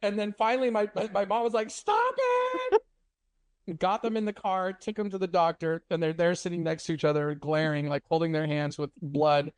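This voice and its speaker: Animated male podcast co-host. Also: on the high side, a little fast, few pauses, clean tone, dry recording. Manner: animated, laughing storyteller. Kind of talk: casual storytelling chat.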